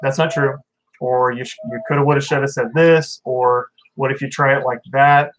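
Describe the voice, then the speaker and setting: A man's voice: medium pitch, steady tone, moderate pace, a bit bright, a little hiss or hum, low-quality recording. A man hosting a casual fishkeeping livestream, reading viewer comments and talking in a blunt, opinionated, rambling way. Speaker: fishkeeping channel host.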